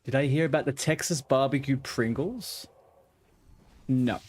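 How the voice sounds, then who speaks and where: A young man chats loosely with his audience while he plays, rambling from one joke to the next. His voice sits at an ordinary middle pitch, and he keeps the talk easygoing and playful. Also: unhurried. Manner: joking, rambling, chatty with viewers. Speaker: game streamer. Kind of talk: casual chat while gaming.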